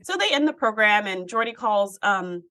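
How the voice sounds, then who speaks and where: Bright-voiced woman co-host, animated. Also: mid-range voice, normal speed. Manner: animated storyteller, acts out quotes. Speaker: podcast co-host. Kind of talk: casual chat, recapping an episode.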